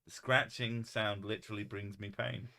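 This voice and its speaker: A man's voice: lowish voice, level tone, normal speed, vocal fry, sharp tone. A man reading chat aloud on a casual livestream, laughing often and swearing freely. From United Kingdom.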